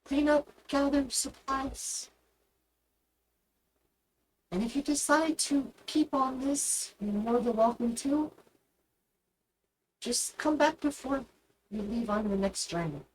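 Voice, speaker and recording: A woman doing a gentle little lieutenant. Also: sits high, expressive, takes it slowly, long pauses, voice pushed up, exaggerated voice, poor audio. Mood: kind. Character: small, kindly female army lieutenant.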